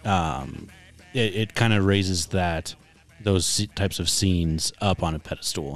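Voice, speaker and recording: A man's voice: deep voice, slow pace, faint music behind. A man casually discussing a war film, opinionated and teasing. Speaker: podcast co-host.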